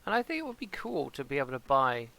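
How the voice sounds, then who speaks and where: A fast, gravelly man with a mid-range voice lets his pitch swoop wildly, and his tone is fairly bright. This adult British streamer from England, father to a son, gives casual gameplay commentary from a home green-screen setup. He rambles along and argues with the game's characters.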